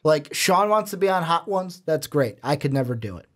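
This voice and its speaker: A man's voice: on the high side, lively intonation, normal speed, fairly bright tone. A young man with a Chicago accent hosting a casual podcast, telling loose, rambling stories. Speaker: podcast host. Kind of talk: casual chat.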